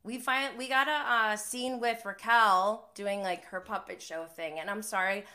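A woman's voice: medium pitch, steady tone, moderate pace, sharp tone. A young woman hosting a live stream, chatting casually through a TV episode recap, laughing and using many fillers. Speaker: recap host.

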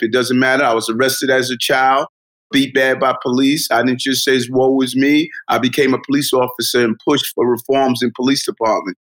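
A man's voice: medium pitch, fairly bright tone, rough recording. A middle-aged man speaks as a podcast guest. His delivery is earnest and motivational as he talks through life lessons. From Brooklyn, New York. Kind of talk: podcast interview, storytelling.

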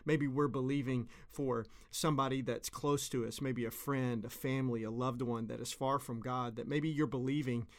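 A man's voice: mid-range voice, fairly even intonation, moderate pace, few pauses. A man in his thirties, a pastor, giving an earnest, conversational devotional sermon and repeating phrases for emphasis.

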